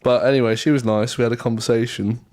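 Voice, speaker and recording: A man's voice: medium pitch, steady tone, fast, a little mellow. A young man from England, co-hosting a podcast and telling a trip story in casual chat, laughing often. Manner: chatty, laughs often, British slang. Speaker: podcast co-host.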